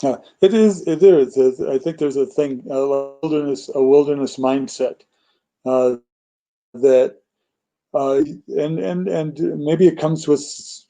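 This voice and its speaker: A man's voice: medium pitch, slow pace, dark tone. A man in a casual Bible discussion, speaking hesitantly with many fillers.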